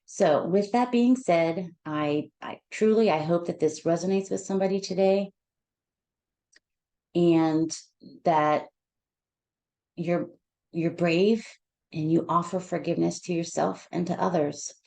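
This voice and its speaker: Low, gravelly woman, emotional and halting. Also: mellow. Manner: heartfelt, emotional, halting with repeated restarts. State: emotional, near tears. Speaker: counselor. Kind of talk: personal talk to listeners.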